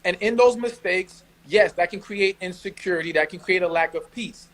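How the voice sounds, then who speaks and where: A man's voice: high-pitched, moderate pace, fairly bright tone, rough recording. A man with a New York accent giving blunt relationship advice on a podcast, emphatic and slangy. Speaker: podcast co-host. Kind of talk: casual advice chat.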